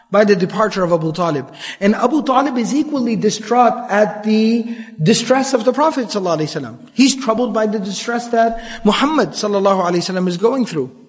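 A man's voice: high-pitched, long reverb tail. A man giving an earnest storytelling lecture on the Prophet's life, mixing in Arabic phrases and the odd filler. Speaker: Islamic lecturer.

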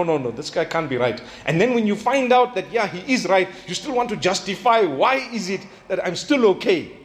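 High-voiced man giving a religious talk. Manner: earnest, reflective, with asides and rhetorical questions. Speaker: imam giving a radio talk.

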